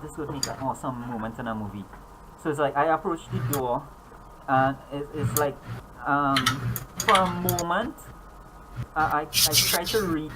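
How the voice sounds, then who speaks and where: Brief: a halting tabletop player describing their ghost character, clear hiss under the voice. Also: medium pitch. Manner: hesitant, many restarts and fillers. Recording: noisy home recording.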